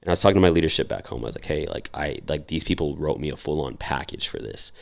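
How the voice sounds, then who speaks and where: Very deep gravelly man telling stories. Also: lively intonation, quick pace. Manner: profane, acts out quoted voices animatedly. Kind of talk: casual storytelling.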